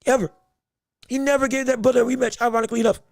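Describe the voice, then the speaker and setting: A man's voice: very high voice, little pitch movement, rapid-fire, no room sound. A man hosting a boxing podcast livestream, talking emphatically and repeating himself when worked up. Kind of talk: livestream sports commentary.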